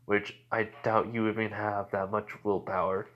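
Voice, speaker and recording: A man's voice: lowish voice, little pitch movement, normal speed, lo-fi sound, natural voice. A man voicing a taunting, smug young vampire man who sneers and mocks theatrically.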